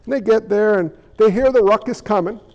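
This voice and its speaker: A man. He tells the story vividly, slipping into characters' voices and dropping to a hush for tender moments. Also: high-pitched, fairly quick, lo-fi sound. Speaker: pastor. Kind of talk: sermon with acted-out scenes.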